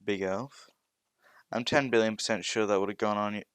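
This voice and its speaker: A man's voice: fairly low pitch, steady tone, normal speed, fairly bright tone, smooth, no echo, studio quality, lightly acted. A man voicing a boastful, teasing teenage boy scientist in a fan-made audio story. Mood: cocky. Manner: cocky, teasing.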